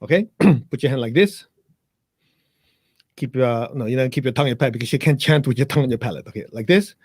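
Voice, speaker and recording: A man's voice: mid-range voice, fast talker, darkish tone, husky, no echo, studio quality. A man teaching meditation as a guest, explaining in plain blunt words with jokes, then guiding listeners through a chant. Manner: blunt, joking, talks straight to listeners. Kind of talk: guided meditation instruction in a live interview.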